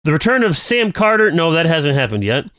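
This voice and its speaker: Male co-host reading mail, animated pitch, dry booth sound. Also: a little fast, no room sound. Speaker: podcast co-host. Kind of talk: reading a listener email aloud, then casual chat.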